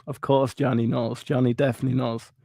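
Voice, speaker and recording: A man's voice: medium pitch, little pitch movement, brisk, vocal fry, warm tone, dry recording. A man hosting a casual livestream, upbeat and jokey, greeting viewers by name and reading their comments. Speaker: livestream host reading chat.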